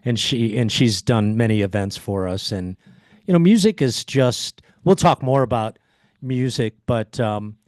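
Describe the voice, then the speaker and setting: A podcast host interviews a guest in casual chat, eager but a bit halting and often repeating words. His medium-pitched, slightly mellow voice is captured in a dry, clean studio recording.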